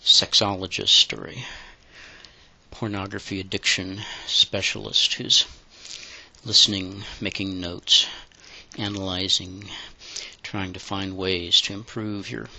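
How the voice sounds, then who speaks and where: A man giving a slow, deliberate solo monologue for his own audio show, in halting phrases that slip into breathy whispers. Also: low-pitched, flat delivery, pushed and bright, no echo. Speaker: audio podcaster.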